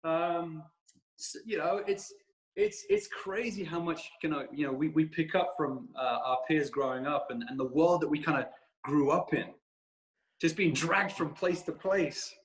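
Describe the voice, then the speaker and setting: A British man, a podcast guest, telling stories in a lively, animated way with frequent restarts. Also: fairly high pitch, measured pace, rough recording. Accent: British, shifting between regions. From England. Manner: animated storyteller, many restarts. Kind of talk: casual conversation.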